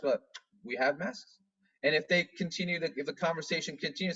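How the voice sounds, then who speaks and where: A man who directs a dance studio, giving an instructional talk on a video call, measured and restarting phrases as he explains. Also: on the high side, fairly bright tone, slightly rough, recorded from a distance, lo-fi sound.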